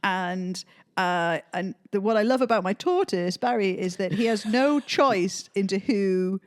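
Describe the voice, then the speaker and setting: A woman's voice: medium pitch, measured pace. A woman from Northumberland with a Northumbrian accent, hosting a casual comedy podcast in a chatty, playful way. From Northumberland, England. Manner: chatty, playful, restarts often. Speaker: podcast host.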